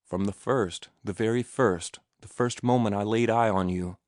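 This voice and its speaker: A man's voice: lowish voice, normal speed, no room sound, studio quality, lightly acted. A man voicing an ardent young sailor in love. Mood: ardent, tender. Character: ardent young sailor-turned-writer, passionate.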